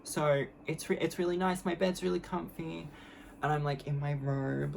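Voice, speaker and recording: A woman's voice: low-pitched, level tone, moderate pace, vocal fry, darkish tone, a little hiss or hum. Blunt, sarcastic young woman vlogger. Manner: candid, blunt and sarcastic, acts out both sides of the story in mocking voices. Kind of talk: casual storytelling vlog.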